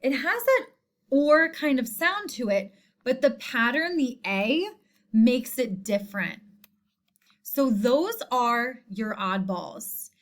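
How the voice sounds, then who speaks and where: A woman teacher explaining a spelling sort in a slow, clear, patient way. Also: fairly high pitch, big pitch swings. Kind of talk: recorded spelling lesson.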